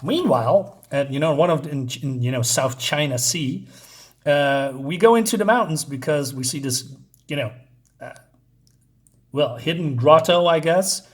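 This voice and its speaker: A man talks through a comic book review in a loose, rambling way, stopping often on fillers as he sums up the story. His voice sits a little high for a man. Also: moderate pace. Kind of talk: casual video review.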